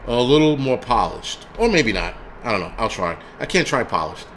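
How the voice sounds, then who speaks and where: A man's voice: medium pitch, big pitch swings, normal speed, a bit bright, slight background noise. A man hosting a livestream, ranting casually with lots of cursing, restarts and rambling asides. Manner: profane, rambling, frequent restarts. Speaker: livestream host.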